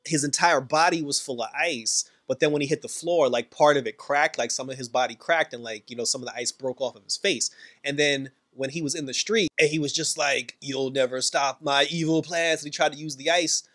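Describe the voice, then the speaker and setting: Male reviewer, slightly high voice, loose rambling recap with laughing asides. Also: brisk, bright, forceful tone. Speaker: show reviewer. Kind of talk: casual recap.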